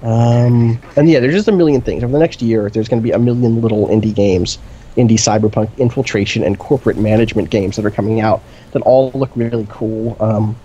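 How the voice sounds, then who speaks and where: A man's voice: on the low side, brisk, mellow, breathy edge, muffled recording. A man co-hosting a gaming stream, talking in a casual, enthusiastic, rambling way with lots of fillers. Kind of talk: casual chat. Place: indoor streaming setup.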